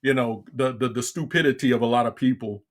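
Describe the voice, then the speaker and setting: A man's voice: mid-range voice, fast. A middle-aged man hosting a livestream, ranting in a frustrated, repetitive way with many stumbling restarts. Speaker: livestream talk show host. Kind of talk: casual ranting commentary.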